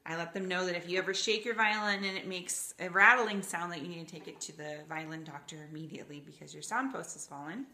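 Low-voiced woman explaining violin basics. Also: fast, hardly any pauses, bright, forceful tone. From Gainesville, Florida, USA. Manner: patient, explanatory, demonstrates pitches with her voice. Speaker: violin teacher. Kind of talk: instructional explanation for teachers and parents. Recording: roomy echo, faint violin.

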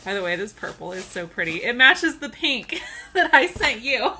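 A woman's voice: fairly high pitch, very animated, normal speed, pushed and bright, a little hiss or hum. A woman with children gushing and giggling as she unboxes a gift in a casual vlog. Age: adult with children. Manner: gushing and giggly, often squealing with delight. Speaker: tumbler crafter unboxing a gift.

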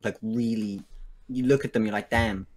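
Dry-voiced man in deadpan streamer banter. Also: fairly low pitch, normal speed. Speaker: streamer guest. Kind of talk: casual chat on a stream.

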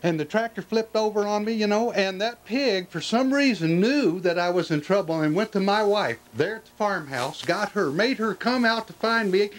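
Man playing an earnest old farmer, fairly high voice, insistent and repetitive. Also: natural voice, low-quality recording. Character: earnest old male farmer, proud of his pig.

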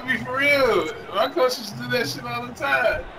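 A man's voice: extremely high pitch, measured pace, background noise. A man in casual, profane, joking chat while playing a video game. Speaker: gamer. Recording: distant mic with game crowd.

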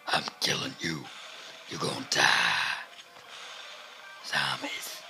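A menacing zombie slayer with a deep, gravelly growl, put on by a man. He taunts in a low, sore, straining voice. The tone is rough and forced well below the speaker's own pitch. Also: slow, sharp tone, faint music behind, exaggerated voice.

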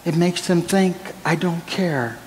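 A pastor preaching with earnest warmth, his fairly high voice ringing through a church sanctuary with a long reverb tail. He prays and tells counseling stories, and faint room noise sits underneath. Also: measured pace. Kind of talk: sermon.

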